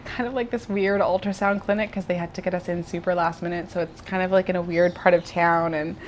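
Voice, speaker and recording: A woman's voice: lowish voice, fairly even intonation, a little fast, slight background noise. A young woman vlogger telling a personal story in a casual, chatty way, with lots of fillers and restarts.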